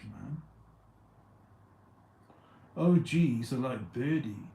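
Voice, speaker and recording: A man's voice: mid-range voice, measured pace, warm tone, echoey room, rough recording. A man telling a long story on a casual livestream, stumbling over restarts and repeating words as he goes.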